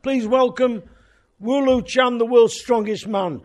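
A man voicing a brash club compere announcing an act, in a loud, high, booming patter. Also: measured pace. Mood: showy.

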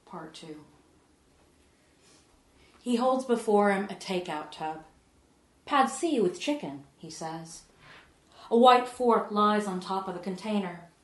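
A woman reading her own poetry aloud to an audience, measured and soft, often sinking to a hush. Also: mid-range voice. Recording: echoey room.

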